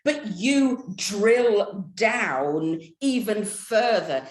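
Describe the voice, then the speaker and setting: A woman's voice: medium pitch, very animated, unhurried, echoey room. A woman from the United Kingdom hosting an interview, chatty, laughing often and quoting herself in asides. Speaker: interviewer host. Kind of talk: casual interview chat.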